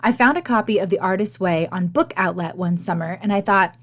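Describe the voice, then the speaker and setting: Woman with a gravelly, worn voice. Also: mid-range voice, fairly quick. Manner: candid, chatty, self-deprecating. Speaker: podcast host and teaching artist. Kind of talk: solo podcast talk.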